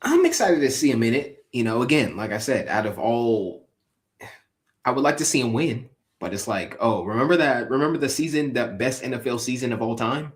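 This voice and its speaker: A man's voice: medium pitch, a little fast. A man co-hosting a casual sports chat, rambling and laughing often as he tells stories. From California. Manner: rambling, laughs often, lively ups and downs. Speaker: podcast co-host.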